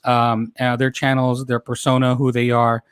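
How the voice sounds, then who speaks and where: A man's voice: mid-range voice, completely flat delivery, normal speed, clear, resonant tone, dry recording, clean studio sound. A man in his forties hosting a casual livestream, chatting with viewers, laughing often and stumbling over his words. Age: 40s. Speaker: host.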